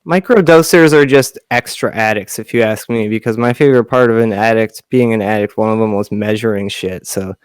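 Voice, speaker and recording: A man's voice: lowish voice, a little fast, hardly any pauses, smooth, dry recording. A man with a Western Massachusetts accent co-hosting a comedy podcast, rambling through jokey asides in casual chat on a close mic. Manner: joking, rambling, wry asides. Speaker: podcast co-host.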